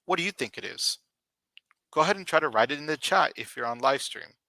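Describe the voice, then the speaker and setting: A man teaching English vocabulary on a live stream, speaking slowly and deliberately and repeating key words for his learners. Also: on the high side, lively intonation, creaky, pushed and bright, dry recording.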